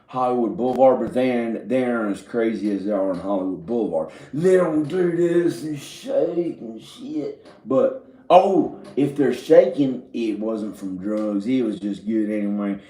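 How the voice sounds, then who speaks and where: Slow-talking man rambling in a roomy echo. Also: mid-range voice, warm tone. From Virginia, US. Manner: meandering, profane, laughs at his own jokes. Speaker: comedic storyteller. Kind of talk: rambling comedic monologue. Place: indoor room with drum set and speakers.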